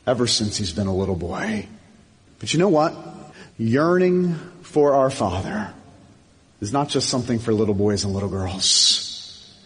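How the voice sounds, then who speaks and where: Slow, impassioned male pastor in a reverberant hall. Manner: impassioned, swelling louder and higher in emphatic runs. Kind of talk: sermon.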